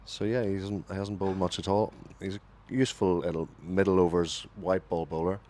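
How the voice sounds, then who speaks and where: Deep-voiced man calling cricket on radio. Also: a little fast, a little hiss or hum. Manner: lively ball-by-ball calling, corrects himself. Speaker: lead radio commentator. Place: radio commentary booth.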